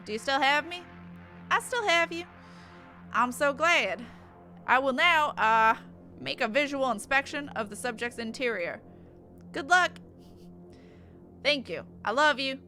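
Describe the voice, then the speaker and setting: A perky young woman persona, which a female streamer puts on for a live stream, reading aloud with a sharp, bright tone sitting a little high. She giggles her way through the text and keeps stopping to chat. Soft music plays faintly under her. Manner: giggly, often breaks off to laugh and chat.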